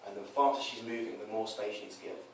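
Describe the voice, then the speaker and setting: A man with a lowish, creaky voice explains at a quick pace, in a casual way, how he coaches people on dating. He animatedly acts out scenes, changing his voice for quoted lines. A distant mic catches roomy echo and faint noise.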